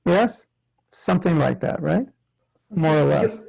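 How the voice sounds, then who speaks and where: A man's voice: fairly high pitch, expressive, measured pace, gravelly, a little mellow, husky, poor audio. An older man, a spiritual teacher, leading an online workshop for children, patient and questioning, acting out examples of chanting. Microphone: video call.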